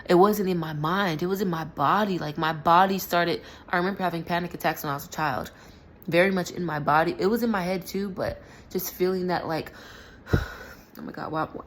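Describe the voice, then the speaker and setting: A young woman with a notably low voice talks through a personal story in a loose, rambling way, stopping and restarting often. A faint hiss sits under the recording. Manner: rambling, filler-heavy, self-correcting. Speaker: spiritual vlogger. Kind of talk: casual storytelling monologue.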